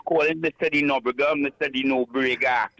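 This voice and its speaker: A man calling in to a radio show, teasing the host with pointed, deliberate questions. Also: medium pitch, steady tone, fairly bright tone, lo-fi sound. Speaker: caller. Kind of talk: call-in radio banter.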